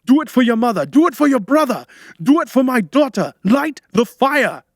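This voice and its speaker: A man's voice: on the low side, moderate pace, darkish tone, no echo, natural voice. A man voicing a grave, determined man in an audiobook, giving urgent commands close to his own voice. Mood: frantic.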